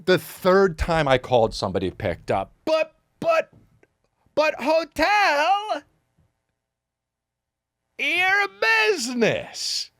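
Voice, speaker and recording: A man in his forties, a podcast host telling a comedic story as a profane, animated rant full of acted-out voices. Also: very high voice, takes it slowly, long pauses, no room sound, clean studio sound.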